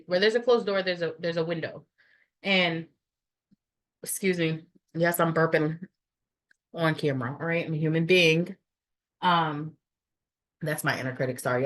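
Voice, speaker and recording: Woman tarot reader, low-pitched, blunt, swears freely, rambles through casual on-camera readings. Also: a bit bright. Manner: blunt, profane and rambling, many fillers.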